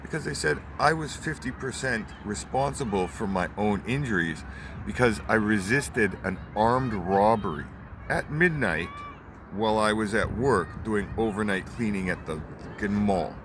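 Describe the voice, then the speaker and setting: Twenty-something guy swearing his way through an angry rant, lowish voice, cars going by outside. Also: moderate pace. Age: 20s. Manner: heated, repetitive, swears often. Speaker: vlogger. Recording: outdoor traffic noise.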